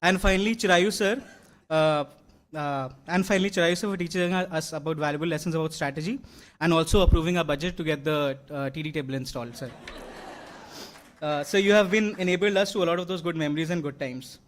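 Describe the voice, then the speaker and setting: A man's voice: on the high side, fast. A young man, giving an earnest graduation speech with many fillers and restarts. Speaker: award-winning graduate. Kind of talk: convocation speech. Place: large convocation hall.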